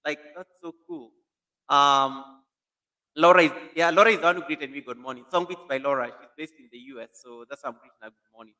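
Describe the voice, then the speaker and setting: A man's voice: on the high side, brisk, pushed and bright. A man hosting a casual live stream, animatedly greeting viewers by name while testing a new computer mic in an echoey room.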